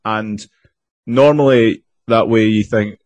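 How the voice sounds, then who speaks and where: A man's voice: lowish voice, slow, a little mellow, no room sound, muffled recording. A man co-hosting a podcast, explaining things in plain casual chat. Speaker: podcast co-host.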